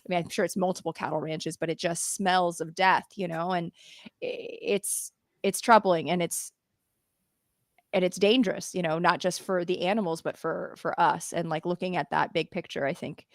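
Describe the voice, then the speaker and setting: A woman's voice: on the low side, steady tone, moderate pace, dry recording, clean studio sound. A woman hosting a podcast interview, chatty and casual, often restarting her sentences and laughing. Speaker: podcast host.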